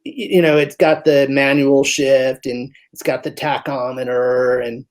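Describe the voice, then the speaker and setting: A male physician guest in a conversational interview, explaining with lively stories and acting out little voices. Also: medium pitch, unhurried. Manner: animated storyteller who acts out voices.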